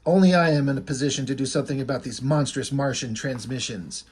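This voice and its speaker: Paranoid male bomber, frantic ranting, husky, comic reading, put on by a man. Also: medium pitch, fast talker, darkish tone, natural voice. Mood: raving. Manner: frantic, self-important ranting. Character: paranoid male bomber raving about Martians.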